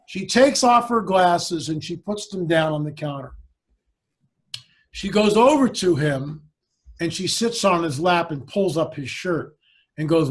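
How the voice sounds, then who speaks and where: A guest in a conversation, this high-pitched man recounts a story animatedly and at a measured pace, voicing the characters' quoted lines himself.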